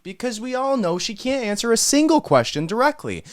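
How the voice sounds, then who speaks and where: A man hosting a podcast who rants in a sarcastic, indignant tone. His pitch leaps up and down with lively emphasis. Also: a little fast. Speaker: podcast host. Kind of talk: political commentary.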